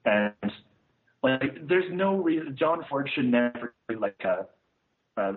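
Man on a tinny phone-like line. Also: medium pitch. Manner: rambling and scathing, full of "uh" and "like". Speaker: podcast co-host reviewing films. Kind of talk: casual chat.

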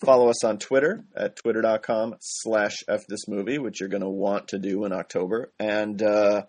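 A young man co-hosting a podcast, reading the show plugs and chatting in a joking, relaxed way. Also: on the low side, moderate pace. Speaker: podcast co-host. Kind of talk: casual podcast chat.

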